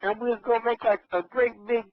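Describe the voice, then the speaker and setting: A man's voice: very high-pitched, little pitch movement, fast talker. A man with a Los Angeles accent telling a rambling comic story as a regular caller, losing his train of thought. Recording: dull radio broadcast audio.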